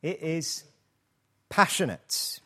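A man's voice: on the high side, slow pace. A British man preaching a sermon, with rhetorical questions and playful asides. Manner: lively, rhetorical questions, mock-hesitant asides.

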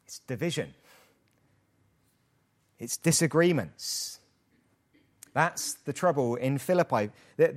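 British male pastor, slow lively sermon delivery, rhetorical tag questions. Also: mid-range voice. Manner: lively, rhetorical questions, mock-hesitant asides. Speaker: preacher.

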